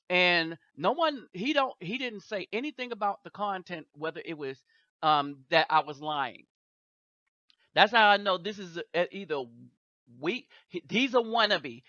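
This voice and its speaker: A host giving reaction commentary, deliberate and checking in with rhetorical questions. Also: mid-range voice, bright, forceful tone, no room sound, highs cut off.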